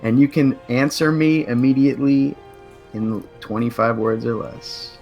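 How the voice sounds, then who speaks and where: A man playing in a tabletop game, talking casually and haltingly with many fillers. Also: medium pitch, steady tone, gravelly, a little mellow, soft background music. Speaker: player.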